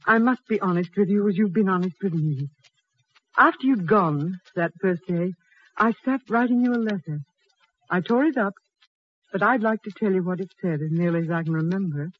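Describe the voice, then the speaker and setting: An actress playing a frail young woman invalid poet, shy and tender, speaking softly and emotionally in a 1940s radio drama. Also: medium pitch, natural voice. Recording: lo-fi old radio with faint hiss.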